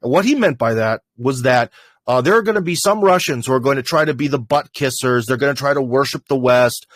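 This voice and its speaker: A man's voice: medium pitch, a little fast, a bit bright, no room sound. A man with an American accent hosting a livestream, talking casually through a list of questions with many fillers and restarts. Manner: rambling, conversational, lots of fillers and restarts. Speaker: livestream host.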